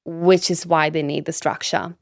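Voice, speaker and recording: A woman's voice: sits low, level tone, moderate pace, dry recording, studio quality. A woman from Sweden, a business coach talking as a guest on a podcast, candid and emphatic, swearing freely and leaning on "like" and "you know". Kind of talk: casual podcast interview.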